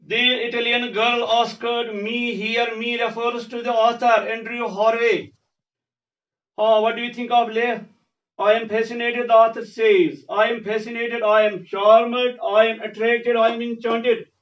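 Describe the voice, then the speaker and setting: A man's voice: extremely high pitch, far from the mic. A male teacher, reading a textbook passage aloud and explaining it line by line, often repeating phrases. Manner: reads lines aloud then explains them plainly, repeating phrases. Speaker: English teacher. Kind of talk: classroom lecture reading and explaining a text. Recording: dull lo-fi sound, voice off the mic.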